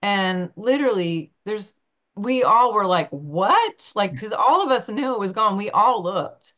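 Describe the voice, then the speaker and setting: A woman's voice: normal speed, dull audio. A woman guest in an interview, telling personal stories animatedly and acting out the voices of the people in them. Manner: animated, acts out quotes with big pitch jumps. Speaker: guest, naturopathic doctor. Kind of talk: storytelling in an interview.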